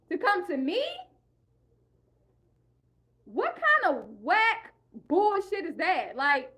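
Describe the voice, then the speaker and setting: A woman's voice: extremely high pitch, fairly bright tone. A young woman vlogger in a heated, profane rant, repeating herself and speaking in an African American English style. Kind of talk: ranting monologue.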